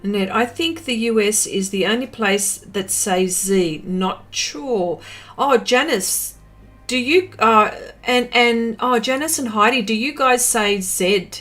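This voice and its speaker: An Australian woman hosts a livestream, chatting casually while painting and reading viewer comments aloud with plenty of fillers. Her voice is a little high, slow and a bit bright, with faint music behind her.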